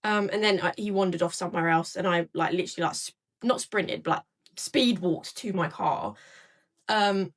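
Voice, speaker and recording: A woman's voice: lowish voice, moderate pace. A young woman casually recounting an experience, with lots of filler words. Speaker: storyteller in a clip. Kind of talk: casual storytelling.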